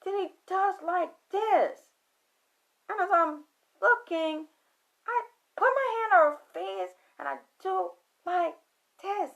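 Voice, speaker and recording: A woman telling a spiritual story in an emphatic, preachy, profane monologue that swings from loud to hushed. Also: very high voice, sing-song, takes it slowly, pauses often, lo-fi sound. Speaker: spiritual talk host.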